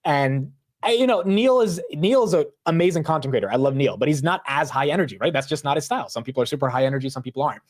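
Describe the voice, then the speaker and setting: A man hosting a live market stream, talking loudly and animatedly in casual commentary, often poking fun at himself. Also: a little high, fast talker. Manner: loud, animated, self-mocking. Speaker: livestream market show host.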